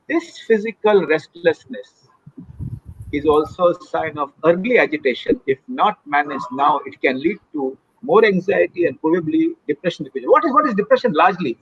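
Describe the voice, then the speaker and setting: A man with an Indian accent speaks earnestly as an expert guest, lecturing and dropping Hindi phrases into his English. His voice sits fairly high and has a husky edge. The sound is dry and a little dull, like lo-fi video-call audio. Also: sing-song, brisk, a bit bright, no echo. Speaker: mental health expert guest. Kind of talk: explanatory expert talk in a live Q&A.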